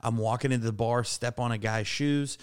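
Animated, swearing podcast co-host man. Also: normal speed, smooth. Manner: animated, swearing, jumps high in pitch for panicked quotes. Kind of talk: casual podcast storytelling.

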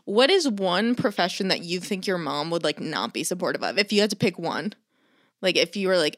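A young woman co-hosting a casual chat, teasing her friend and reacting with quick interjections. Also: lowish voice, expressive, a bit bright, dry recording, clean studio sound.

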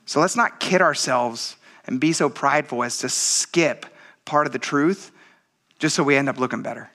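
A man's voice: medium pitch, normal speed. A man in his thirties preaching a conversational midweek sermon, telling stories and reading scripture aloud. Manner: conversational, animated storytelling with laughs. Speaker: pastor.

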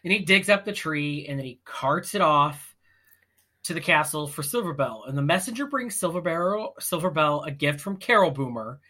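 A woman's voice: low-pitched, lively intonation, normal speed, bright, forceful tone. A woman co-hosting a podcast, recapping a film in blunt, mocking casual chat. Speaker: podcast co-host.

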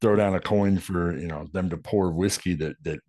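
A man's voice: sits low, fairly even intonation, normal speed, darkish tone, no room sound. A man co-hosting a podcast, chatting about a film in a laid-back way with lots of fillers and casual swearing. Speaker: podcast co-host.

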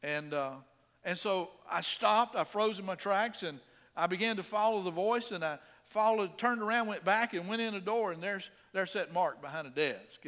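Male pastor, middle-aged, preaching: bright, slightly high voice with long hall reverb. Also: expressive, moderate pace. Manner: earnest preaching, swings from soft to emphatic. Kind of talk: sermon.

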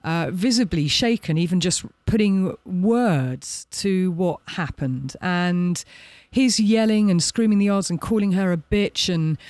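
High-voiced man retelling a story. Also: dry recording. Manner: animated storyteller, acts out quotes. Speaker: podcast co-host. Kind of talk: casual chat recounting a documentary.

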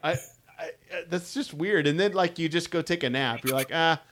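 A man's voice: a little high, normal speed, fairly bright tone. A man co-hosting a podcast who laughs often and reads story passages aloud between casual chat. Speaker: podcast co-host. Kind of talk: casual chat with book reading.

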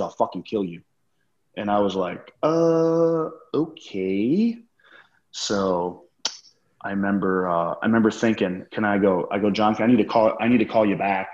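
Male podcast guest, very low voice, cursing storyteller, roomy lo-fi sound. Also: a little mellow. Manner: profane, acts out quoted dialogue. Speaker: podcast guest, former wrestler. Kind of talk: casual storytelling interview.

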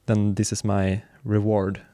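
A man chatting casually about books he is reading, relaxed and hesitant, with many fillers and restarts. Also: on the low side, measured pace, no room sound, clean studio sound.

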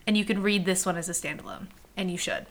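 A woman's voice: fairly low pitch, sing-song, quick pace. A young woman hosting a casual book-review podcast from home, candid and chatty, swearing freely and talking straight to her listeners. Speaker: podcast host. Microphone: home recording by a front window.

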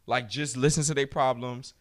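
A man's voice: mid-range voice, fairly even intonation, moderate pace. A man, chatting casually and telling stories in loose, profane slang. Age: 30s. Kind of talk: casual chat.

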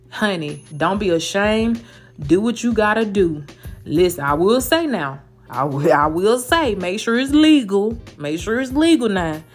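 A woman, hosting a motivational solo podcast in an animated, emphatic way, full of endearments. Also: on the low side. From United States. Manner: fast-talking. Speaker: podcast host.

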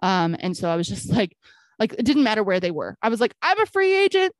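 Talking at a quick pace in a lowish voice, a woman co-hosts a podcast and spins a story through casual chat. She animatedly performs both sides of the quoted exchanges, leaning on "I'm like" again and again, and the recording is dry.

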